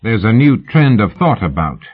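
A man's voice: on the low side, big pitch swings, moderate pace. A man voicing an insolent, calculating Victorian agent with a coarse, sly manner. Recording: narrow phone-like audiobook sound.

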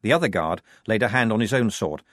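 A man narrating an audiobook in a wry, expressive way. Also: fairly low pitch, fast talker, no echo, clean studio sound.

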